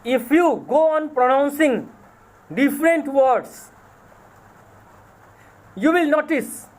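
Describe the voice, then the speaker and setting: A man's voice: extremely high pitch, slow. A man with an Indian English accent lecturing as a college English teacher, spelling words out letter by letter, repeating them and correcting himself. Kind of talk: recorded lecture.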